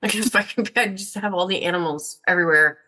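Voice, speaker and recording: A woman hosting a podcast, rambling through casual chat with animated storytelling and plenty of swearing. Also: mid-range voice, fast talker. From Northern New York. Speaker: podcast host.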